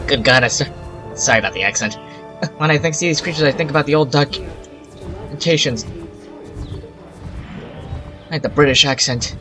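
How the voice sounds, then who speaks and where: A man's voice: fairly high pitch, normal speed, long pauses, music in the background. A man giving rambling casual commentary while playing a park-building game, with exasperated asides. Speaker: gaming channel host. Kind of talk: casual let's-play commentary.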